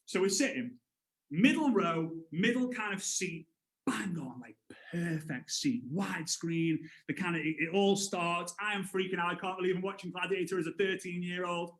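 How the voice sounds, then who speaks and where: A man in his thirties leads an upbeat sales training. His voice sits high for a man and jumps around as he tells stories. The room leaves a noticeable echo on every word. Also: normal speed. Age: 30s. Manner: energetic storyteller, acts out voices with big jumps. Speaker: network marketing trainer. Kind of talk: live motivational sales training.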